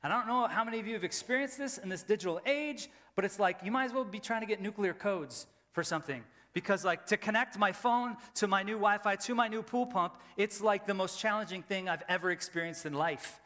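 A man in his thirties delivers a sermon from a church stage, talking like he is telling friends a story. His voice sits high and bright. Loud emphatic lines give way to hushed ones, and a long hall reverb trails every phrase. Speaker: pastor. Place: church sanctuary.

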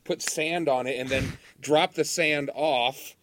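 A man's voice: a little high, fairly even intonation, takes it slowly, a bit bright, slight background noise. A man joining a casual podcast chat, asking questions and telling a story.

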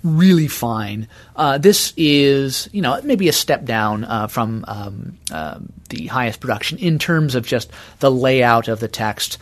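A man of middle pitch speaks in an interview as an archivist. He explains steadily and carefully, with a measured, unhurried manner. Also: lively intonation.

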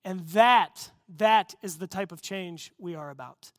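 A male pastor preaching a sermon, telling a story with earnest storytelling and rising to excited emphasis. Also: high-pitched, measured pace, no room sound, clean studio sound.

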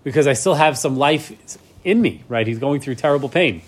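A man's voice: medium pitch, lively intonation, moderate pace, husky. A man teaching a class, reading Hebrew verses and explaining them in English, often checking in with "right?". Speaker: Torah teacher. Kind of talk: class lecture.

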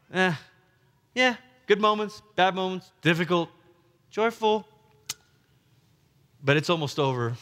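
A male pastor preaching a sermon in a conversational way, slipping into gentle acted-out quotes. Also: on the high side. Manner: conversational, acts out tender quoted lines. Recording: long reverb of a large hall.

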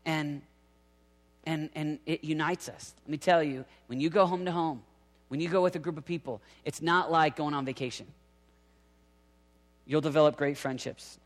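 A man's voice: on the high side, moderate pace, pauses often. A man preaching with energy, acting out the voices of people he quotes. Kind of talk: sermon. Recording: reverberant hall.

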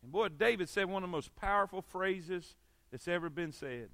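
A preacher man with a high, ringing voice leads an evening church sermon. He talks in a folksy, repetitive way and keeps calling for amens. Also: moderate pace, sharp tone, dry recording. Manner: folksy, repeats phrases, calls for amens. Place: church service.

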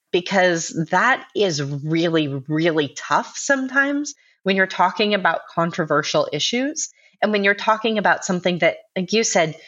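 A woman speaking as an interview guest, explaining in a measured, earnest way. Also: on the low side, fairly bright tone. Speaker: guest, director of a civic organization. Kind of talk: interview conversation. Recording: dull lo-fi remote audio.

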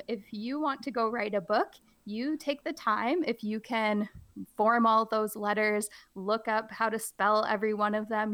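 A woman's voice: medium pitch, fairly bright tone. A woman podcast co-host and teacher reading a picture book aloud, playful and theatrical, jumping to squeals on the silly words.

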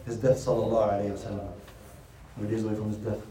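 Mellow-voiced man lecturing in a roomy hall. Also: lowish voice, little pitch movement, rapid-fire. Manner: asks rhetorical questions and answers them. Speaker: religious teacher. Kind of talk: religious lecture retelling a story. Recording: roomy sound from a distant mic.

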